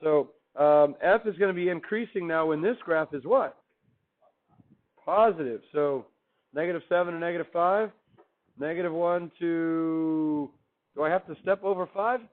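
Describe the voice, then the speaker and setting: A man lectures a math class at a moderate pace, his voice sitting on the high side. He's upbeat and conversational, quizzing the students and then answering himself. The recording has a tinny, phone-like quality.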